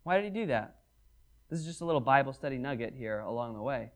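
A man's voice: mid-range voice, fast talker. A man preaching a Bible study sermon, reading verses aloud and acting out the dialogue in them. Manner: animated, acts out scripture dialogue.

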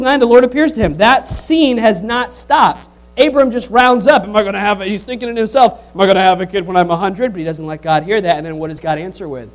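A high-voiced man delivers a sermon, reading scripture aloud and animatedly questioning the congregation. The audio quality is poor.

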